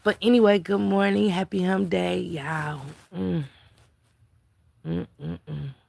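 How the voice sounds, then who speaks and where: A woman's voice: lowish voice, steady tone, slow, creaky, a little mellow. A tired woman hosting a casual live stream, chatting about celebrity gossip and greeting viewers in chat. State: tired, yawning. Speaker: livestream commentator.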